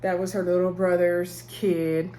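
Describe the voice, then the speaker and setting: A woman's voice: fairly low pitch, little pitch movement, unhurried, mellow, a little hiss or hum. A woman, chatting casually as she recaps a TV episode, rambling and laughing often. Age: 30s. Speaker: TV show reviewer.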